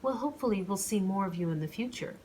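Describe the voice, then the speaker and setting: A courteous male waiter with a French accent, put on by a woman reading an audiobook. He greets guests warmly in a lifted, lively tone. The manner stays genial and polished throughout. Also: mid-range voice, quick pace, a little hiss or hum, close to an everyday voice. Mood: welcoming.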